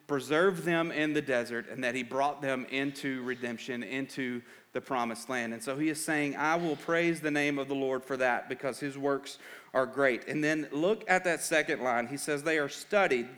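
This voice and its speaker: A man preaching a sermon in an earnest tone, rising to loud urgent emphasis and dropping to quiet reflection, often repeating words as he builds a point. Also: medium pitch, normal speed. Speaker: pastor.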